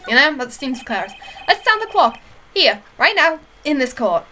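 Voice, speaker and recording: A woman's voice: high voice, big pitch swings, normal speed, bright, forceful tone, faint music behind, heavily acted. A woman voicing an earnest young male defense lawyer who presses his argument.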